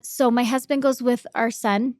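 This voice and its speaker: Young woman, podcast guest, slightly high voice, dry close sound, emotional halting storytelling. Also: steady tone, a little mellow, no room sound. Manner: emotional, halting, repeats words.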